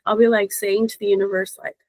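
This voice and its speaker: A woman intuitive reader in casual podcast chat, expressive and encouraging, laughing often. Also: fairly high pitch, unhurried, dry recording, poor audio.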